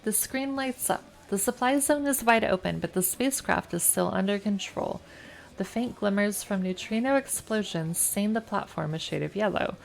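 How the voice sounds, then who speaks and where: A woman from the United States streaming a game, reading its text aloud in a calm, measured way and chatting casually between passages. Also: mid-range voice, creaky.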